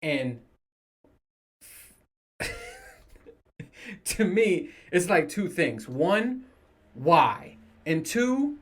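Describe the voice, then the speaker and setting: A man's voice: on the high side, very animated, extremely slow, long pauses, fairly bright tone. A man in his thirties, a podcast host, rants casually to the camera, swearing and laughing as he goes. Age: 30s. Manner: profane, joking, laughs often. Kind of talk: casual solo rant to camera.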